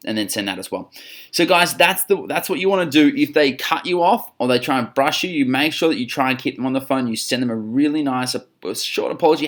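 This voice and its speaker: A man's voice: fairly high pitch, lively intonation, fairly quick. An Australian man coaching gym staff on phone sales, upbeat, acting out both sides of the calls. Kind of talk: instructional talk on phone sales.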